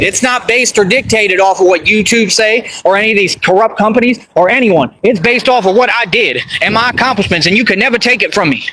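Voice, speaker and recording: A man's voice: sits high, fairly quick, fairly bright tone. A man ranting on a livestream, bragging in street slang and asking over and over whether you understand. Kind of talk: boastful livestream rant. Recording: noisy livestream audio.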